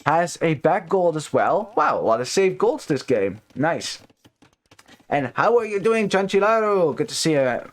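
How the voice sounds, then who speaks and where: A man's voice: on the high side, big pitch swings, unhurried. A man casting a strategy game live, chatty with many fillers, greeting chat viewers between plays. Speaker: esports caster.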